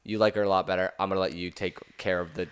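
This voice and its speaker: A young man co-hosts a casual podcast in a somewhat low voice. He rambles in a laid-back way and restarts his sentences often. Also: little pitch movement, rapid-fire, clean tone. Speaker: podcast co-host. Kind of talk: casual chat.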